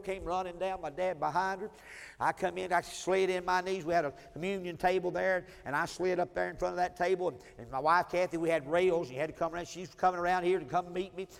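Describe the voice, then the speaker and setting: A man preaching a sermon, telling a personal testimony in a folksy style and swinging between loud and soft. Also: high voice, vocal fry. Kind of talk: sermon storytelling. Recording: long hall reverb.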